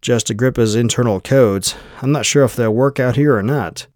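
A man's voice: medium pitch, moderate pace, a little mellow, dry recording, studio quality, lightly acted. Man voicing a clipped, no-nonsense woman captain. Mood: brisk. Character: tough determined woman agent, captain.

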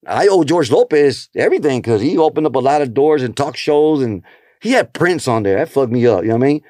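Expressive and a little fast, this man's slightly mellow voice comes through clean and dry, as if from a studio. He's a comedian chatting casually, telling stories and shifting his pitch to play the people he quotes.

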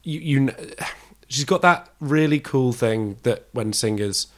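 A man's voice: mid-range voice, expressive, a little slow, a bit bright. A man from England chatting casually on a podcast, often restarting and swearing bluntly. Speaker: podcast co-host. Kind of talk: casual chat.

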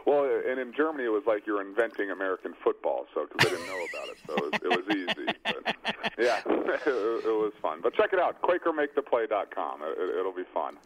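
A man's voice: on the low side, big pitch swings, fairly quick, fairly bright tone, a little hiss or hum, poor audio. A young male athlete in his twenties answering interview questions in an easygoing, hesitant way. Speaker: football quarterback guest.

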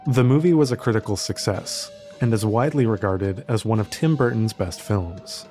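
Documentary narrator, male, lower pitch, steady and formal over music. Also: normal speed. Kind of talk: scripted narration.

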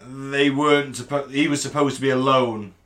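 A man's voice: mid-range voice, steady tone, normal speed, fairly bright tone. A British man co-hosting a podcast in casual chat, relaying researched facts with jokes and swearing. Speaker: podcast co-host.

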